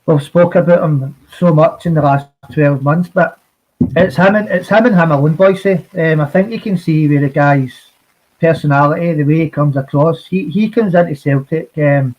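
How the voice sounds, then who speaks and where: A man with a slightly high voice joins a casual football podcast as a guest. He talks haltingly, repeating words and swearing as he goes. His audio sounds dull and lo-fi.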